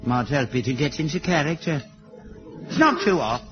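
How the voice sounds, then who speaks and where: A man's voice: a little high, animated, moderate pace, music in the background, lightly acted. A stubborn, mocking old father, played by an older man. His dry jabs rise and fall widely. The audio is dull like an old TV recording. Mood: sarcastic. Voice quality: dry, sarcastic. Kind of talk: sitcom acting.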